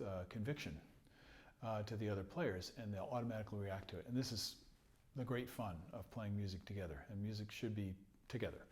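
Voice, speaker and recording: A fairly low, darkish male voice gives a patient trumpet lesson on rhythm and phrasing. He chuckles between points and sometimes sings the rhythms aloud.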